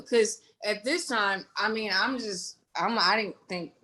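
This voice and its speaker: A young woman from Indiana, a guest in an interview, telling her story candidly with plenty of swearing, fillers and quick asides. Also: a little high, sharp tone.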